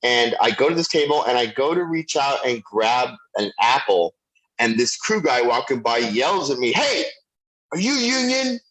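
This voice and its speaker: A middle-aged man, a guest actor, telling a lively anecdote and acting out the voices of the people in it. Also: mid-range voice, normal speed, low-quality recording. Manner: animated storyteller, acts out quoted voices. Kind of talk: anecdotal storytelling.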